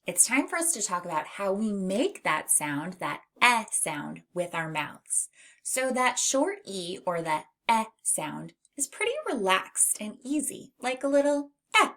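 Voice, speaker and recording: A woman teaching a phonics lesson to young children, speaking clearly and encouragingly and drawing out each sound. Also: medium pitch, big pitch swings. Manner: warm, encouraging, drawn-out sounds. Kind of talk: slow, clear early-reading lesson for children.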